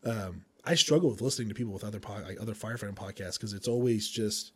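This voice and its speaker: A man hosting a podcast, a firefighter chatting casually in a rambling way with frequent chuckles and quick asides. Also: on the low side, fairly bright tone, husky. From Indiana.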